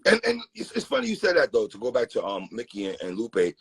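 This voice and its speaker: A man's voice: medium pitch, huge pitch swings, fast talker, breathy edge. A man hosting a casual interview, laid-back and agreeable, who laughs along with his guest. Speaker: podcast host.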